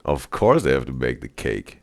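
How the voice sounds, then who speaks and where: Low gravelly man reacting to a video. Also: very animated, moderate pace, no room sound, studio quality. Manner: rambling, restarts a lot, trails off quietly. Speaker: reaction streamer. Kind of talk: casual reaction commentary.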